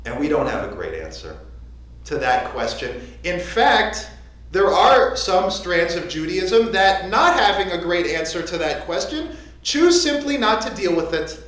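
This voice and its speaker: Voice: medium pitch, sing-song, unhurried, a bit bright. A rabbi giving a conversational, joking sermon from the pulpit of a synagogue. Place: synagogue sanctuary. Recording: echoey sanctuary.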